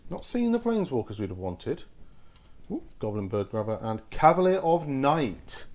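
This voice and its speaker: A man hosting a card-opening video, giving casual commentary and exclaiming excitedly at each pull. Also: mid-range voice, moderate pace. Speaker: host opening card packs.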